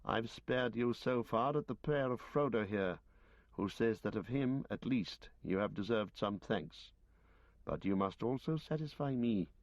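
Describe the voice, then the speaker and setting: A man reading aloud and voicing a stern, grave lord who passes judgement in formal, measured, solemn speech. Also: mid-range voice, animated, no room sound. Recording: dull lo-fi recording.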